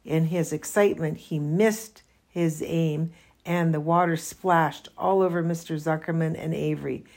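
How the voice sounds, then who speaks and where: Woman narrator for a children's book reading, slow and careful, lowish voice. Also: fairly even intonation, darkish tone. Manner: slow, careful read-aloud. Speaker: reader. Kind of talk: reading a children's novel aloud.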